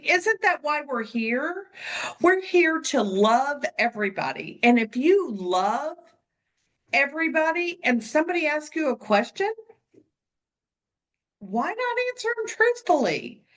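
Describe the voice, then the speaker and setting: Bright, lively, high-voiced woman. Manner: blunt, animated, laughs often. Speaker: podcast co-host and coach. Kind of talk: casual podcast chat.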